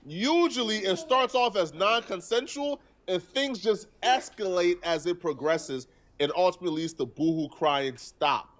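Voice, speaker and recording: A man's voice: high voice, expressive, fairly bright tone. A man streaming live, talking through a news story earnestly and point by point. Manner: earnest, deliberate, argues point by point.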